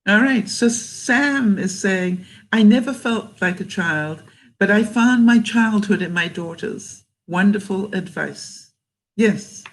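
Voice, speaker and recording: A woman's voice: medium pitch, takes it slowly, low-quality recording. An older woman from Canada, chatting casually on a live stream, reading out viewer comments and laughing often between thoughts. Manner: chatty and warm, laughs often, restarts sentences. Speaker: vlogger reading live chat.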